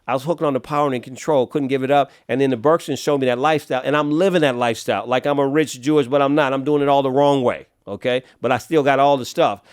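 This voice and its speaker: A middle-aged man from Los Angeles tells his story as a podcast guest, animated and streetwise, often pausing to clear his throat. His voice is smooth and resonant. The sound is dry and close, with no room around it. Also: mid-range voice, no room sound. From Los Angeles, USA. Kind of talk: storytelling in a casual interview.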